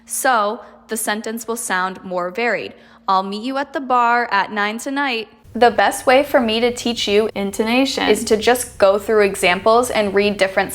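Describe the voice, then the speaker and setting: A woman teaching an accent reduction lesson, speaking clearly and deliberately and demonstrating example sentences. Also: medium pitch. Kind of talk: scripted instructional lesson.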